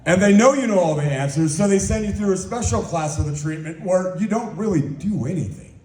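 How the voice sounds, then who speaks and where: A man's voice: high voice, lively intonation, brisk, darkish tone, reverberant. Crude rambling man doing stand-up. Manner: crude, rambling, self-mocking storytelling. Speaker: stand-up comedian. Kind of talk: stand-up set.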